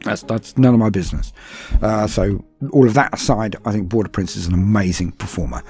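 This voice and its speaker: A man's voice: lowish voice, fairly quick, a little mellow, faint music behind. A British man from London hosting a casual podcast, answering patron questions in a chatty, self-deprecating way with frequent ums and asides. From London, England. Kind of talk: casual Q&A chat.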